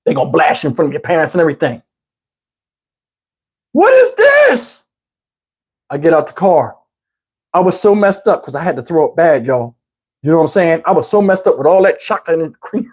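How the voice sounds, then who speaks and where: A middle-aged man from New Jersey telling a comic story in a casual, animated, profane way, talking to listeners as y'all. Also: high voice, quick pace.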